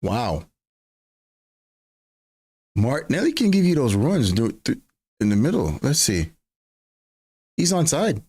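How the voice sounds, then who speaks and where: A man hosting a fan watch-along, giving casual live match commentary in slang, swinging between flat grumbling and excited yelps. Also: mid-range voice, takes it slowly, pauses often, breathy edge. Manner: slangy, keeps saying bro.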